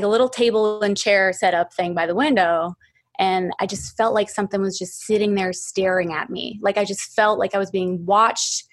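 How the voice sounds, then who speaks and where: Chatty woman telling a spooky story. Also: medium pitch. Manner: chatty, heavy on "like" fillers, swears freely. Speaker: podcast guest, singer-songwriter. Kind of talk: casual storytelling.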